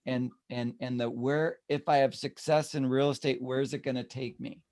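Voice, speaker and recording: A man's voice: mid-range voice, moderate pace. A man leading a real estate team meeting, talking animatedly and acting out the people he quotes. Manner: animated, acts out quoted voices.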